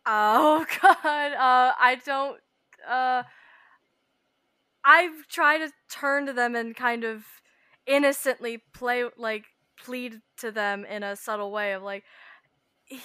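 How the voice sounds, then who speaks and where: A woman's voice: a little high, slow, pushed and bright, clear, resonant tone, no echo, clean studio sound. A woman playing a tabletop game, thinking aloud hesitantly as she describes what her character does. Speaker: player. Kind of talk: casual tabletop play.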